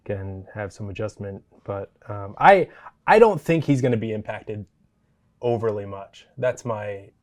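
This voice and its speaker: A man co-hosting a throws podcast, speaking softly and hesitantly with many pauses and fillers. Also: lowish voice, expressive. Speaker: throws coach, podcast co-host. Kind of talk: casual sports chat.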